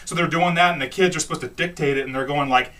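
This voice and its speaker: A man's voice: fairly high pitch, fast, bright, forceful tone, recorded from a distance. A man doing a rambling, jokey comic monologue, retelling bits with goofy voices. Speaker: comic host reading letters.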